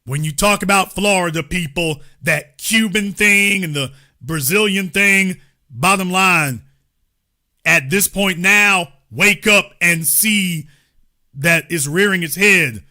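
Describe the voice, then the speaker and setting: Male commentary host, high and very bright voice, emphatic and repetitive delivery. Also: takes it slowly. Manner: emphatic, repeats key points, lectures the audience directly. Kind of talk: political commentary monologue.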